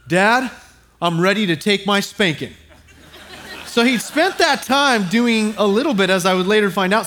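A man delivers a sermon in a fairly high voice, weaving in a funny family story. He stumbles and restarts often and turns to the congregation with quick asides. His delivery is animated and he acts out the voices in his stories. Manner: storytelling with humor and audience asides. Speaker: pastor.

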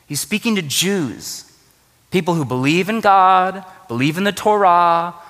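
A man's voice: high-pitched, a little slow, fairly bright tone, in a large hall. A man preaching a sermon to his church, conversational and joking in his asides. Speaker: pastor.

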